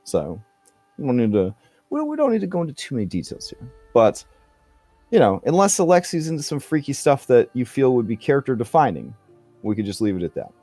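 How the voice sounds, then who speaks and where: A man's voice: mid-range voice, wildly swooping pitch, a little fast, mellow, no room sound, soft background music. A man running a tabletop game as game master, narrating in a chatty way full of fillers and jokey asides.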